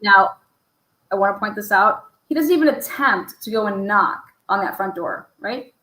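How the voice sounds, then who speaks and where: A woman's voice: mid-range voice, lively intonation, moderate pace, bright, forceful tone, reverberant, soft background music, low-quality recording. Woman, profane true crime commentator. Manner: profane, rhetorical, asks many pointed questions. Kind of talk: casual commentary over footage.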